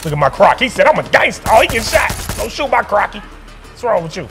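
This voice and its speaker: Excitable man narrating his gameplay. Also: sits high, fast, vocal fry, music in the background. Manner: animated, talks to himself and the game, slangy. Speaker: gaming streamer.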